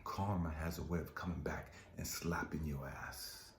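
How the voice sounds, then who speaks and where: A man's voice: extremely low pitch, steady tone, moderate pace, a little hiss or hum. A man giving an impassioned motivational monologue as a life coach, swearing often and hammering repeated rhetorical questions. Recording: echoey room with faint music.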